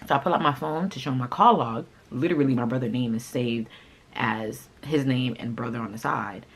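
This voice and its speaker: A young woman whose first language is Haitian Creole, telling a personal story in a casual, animated way, with sudden loud outbursts and asides to viewers. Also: extremely low pitch, normal speed, husky. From Haitian family. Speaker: vlogger.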